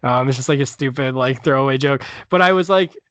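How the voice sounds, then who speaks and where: A man's voice: medium pitch, brisk, a bit bright, no echo. Rambling man telling a comedy story. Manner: rambling, many fillers and restarts. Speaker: stand-up comedian guest. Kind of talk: casual storytelling in a podcast interview.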